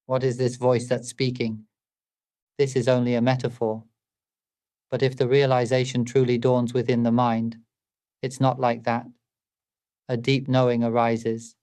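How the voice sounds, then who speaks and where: Calm man with a flat, even delivery. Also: medium pitch. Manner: calm and measured, asks many rhetorical questions. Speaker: spiritual teacher. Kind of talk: meditative dharma talk.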